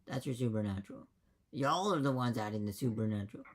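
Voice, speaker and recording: A man's voice: medium pitch, lively intonation, fast. A man, the dungeon master, rambling emphatically and swearing in a casual chat after a game.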